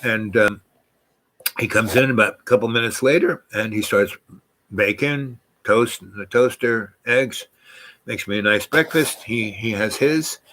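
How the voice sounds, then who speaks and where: A man's voice: lowish voice, a little slow, sharp tone, poor audio. Rambling man telling a story. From New York. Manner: meandering, full of asides and restarts. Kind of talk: casual personal storytelling.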